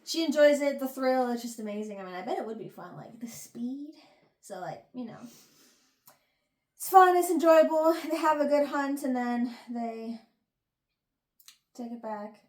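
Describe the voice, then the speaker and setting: Young woman, high voice, giggly, acts out lines, casual book chat, roomy echo. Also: animated, moderate pace, pauses often. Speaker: book review host. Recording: echoey room.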